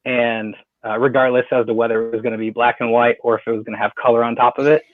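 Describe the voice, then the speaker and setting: A man who draws comics, answering interview questions in a relaxed, halting way with many fillers. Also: medium pitch, no echo. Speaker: comic book artist. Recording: dry tinny phone line.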